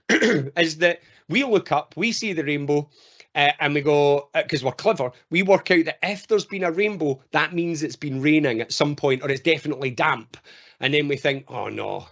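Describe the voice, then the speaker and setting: A Scottish man giving an online training talk as a mental health trainer, telling stories in an animated way. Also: fairly high pitch, normal speed. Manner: animated storyteller. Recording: dull lo-fi call audio.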